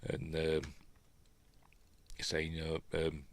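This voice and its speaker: Low-voiced Yorkshire man, dry close sound, chatty film-review commentary, rambling delivery full of ums and asides. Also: completely flat delivery, slow, no echo. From Yorkshire, England. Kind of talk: casual commentary talking over a film as it plays.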